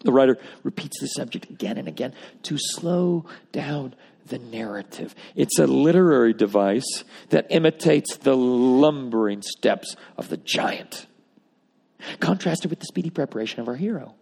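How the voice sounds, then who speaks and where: A man's voice: mid-range voice, expressive, normal speed, vocal fry, darkish tone, slightly rough. A man preaching a sermon, emphatic with wry asides, reading scripture aloud. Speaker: pastor. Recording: long reverb of a large hall.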